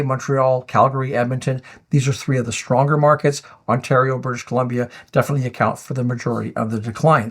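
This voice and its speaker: Firm male finance commentator. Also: mid-range voice. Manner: firm, rebuttal-style, reading out viewer comments. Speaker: finance video host. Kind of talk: explanatory commentary.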